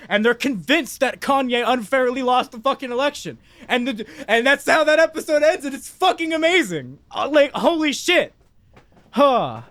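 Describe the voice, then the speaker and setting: A man co-hosting a podcast, telling a story in loud, excitable casual chat, swearing heavily. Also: very high voice, moderate pace, dry recording. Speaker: podcast co-host.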